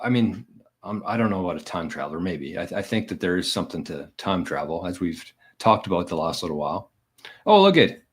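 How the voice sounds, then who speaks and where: A man hosting a daily vlog, reading viewer comments and answering them in a blunt, profane, combative way. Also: deep voice. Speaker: bitcoin vlogger.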